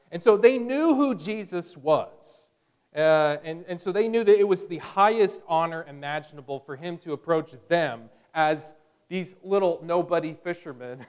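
A man's voice: high voice, clean tone. A male pastor preaching a sermon in a conversational way, with bursts of energy.

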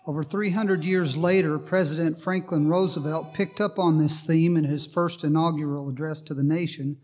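A male preacher delivering a sermon in a somewhat high voice. He speaks slowly and deliberately, telling a light story and slipping in a joke before turning to scripture. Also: a little mellow. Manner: storytelling with a joking aside, then Bible reading.

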